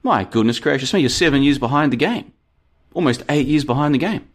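A man hosting a live-stream podcast, talking casually and reading chat, with an animated, rhetorical way of speaking. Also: mid-range voice, brisk. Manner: chatty, animated, rhetorical questions.

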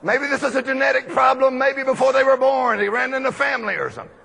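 A man from Texas, preaching a folksy storytelling sermon full of animated anecdotes. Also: extremely high pitch, fast, vocal fry, slightly rough. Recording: long echoey hall reverb.

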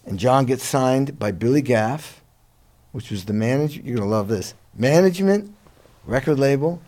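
Middle-aged guy telling band stories, lively, swears a bit, mid pitch. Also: moderate pace. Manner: animated, profane, laughing storyteller. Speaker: guest musician. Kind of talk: storytelling interview.

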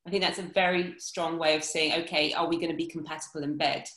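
Woman dating-coach type, frank and animated, acts out quotes, echoey room. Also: sits low, quick pace. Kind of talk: casual podcast chat.

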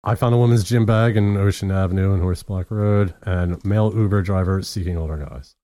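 This co-host's voice is low and mellow, moving a little fast, captured on his own mic with no echo. In casual podcast banter he spins a meandering tale packed with profanity and laughter.

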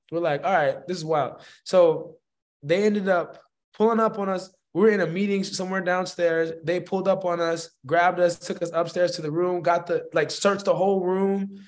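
A man, a musician guest, telling a story in a slangy, rambling and animated way. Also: a little high. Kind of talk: casual storytelling.

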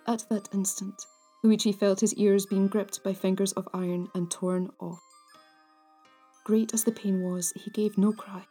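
A woman narrating old ghost stories in a hushed, measured way, at times near a whisper. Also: mid-range voice, little pitch movement, breathy edge, soft background music. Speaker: storyteller, podcast host.

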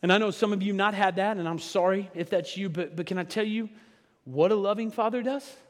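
A middle-aged man preaches in a conversational way, with a voice pitched higher than most men's. He drops to a near hush, then builds loud, and jokes aside with the congregation. His words ring out with a long echo through a large sanctuary. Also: brisk. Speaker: pastor. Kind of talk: sermon. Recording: long hall reverb.

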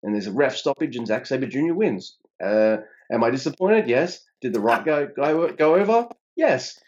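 Animated swearing man, dull lo-fi sound. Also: normal speed, a little hiss or hum. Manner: animated, swearing, pitch jumps up when emphatic. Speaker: podcast co-host reviewing wrestling. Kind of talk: casual profane chat.

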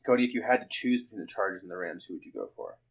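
A man's voice: low voice, low-quality recording. A young man co-hosting a casual podcast, teasing his friends. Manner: teasing, quick-witted. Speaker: podcast co-host. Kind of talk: casual chat.

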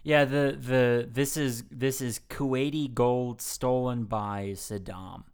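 A man's voice: mid-range voice, takes it slowly, clear, resonant tone. A man co-hosting a casual movie podcast, retelling the plot with lots of swearing and laughter. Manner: animated, swearing, laughs often. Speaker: podcast co-host.

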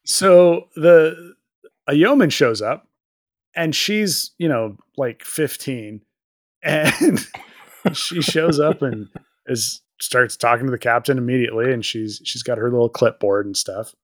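A man's voice: medium pitch, slow pace, no echo, clean studio sound. A man co-hosting a podcast, recapping an episode in casual chat, rambling and joking with plenty of fillers. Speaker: podcast co-host.

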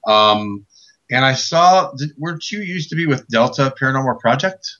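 A chatty male radio host from Chicago who jokes around and talks in a loose, rambling way. His voice is bright and forward, and the broadcast sound is dull and lo-fi. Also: medium pitch, expressive, moderate pace. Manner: loose, chatty, joking, many fillers. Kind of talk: casual radio interview.

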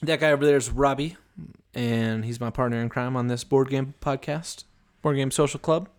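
A man's voice: medium pitch, steady tone, normal speed. A young man co-hosting a casual board game podcast, laid-back and joking, swearing now and then. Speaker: podcast co-host.

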